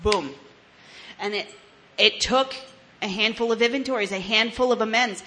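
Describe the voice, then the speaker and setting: Her voice sits on the high side, pushed and bright, at a moderate pace. She's a 30-something recovery speaker from New Jersey, US, giving frank, blunt personal testimony with swearing, restarts and laughs.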